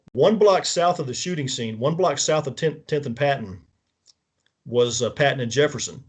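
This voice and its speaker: Husky and mid-pitched, this man is a guest on a show, giving a casual, detailed account of what happened one step at a time. His speech is full of restarts and self-corrections, and he keeps checking that the listener is following.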